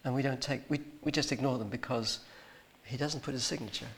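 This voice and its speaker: Gravelly man telling a rambling anecdote. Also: mid-range voice, a little fast. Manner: rambling, hesitant, with many ums and restarts. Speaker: speaker sharing a personal testimony. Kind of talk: anecdotal storytelling with a spiritual point.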